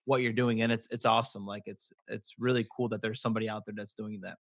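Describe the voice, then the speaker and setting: A man's voice: on the low side, flat delivery, quick pace, no echo, studio quality. A man hosting a podcast, asking casual questions with many restarts and "like"s. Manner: hesitant, restarts a lot, says "like". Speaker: podcast host.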